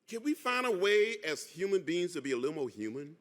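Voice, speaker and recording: A man's voice: sits high, sing-song, a little fast, few pauses, a bit bright. A man in his seventies gives an impassioned keynote speech, building rhythmic, repetitive lines like a preacher. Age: 70s. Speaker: keynote speaker. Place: large conference hall. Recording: reverberant hall.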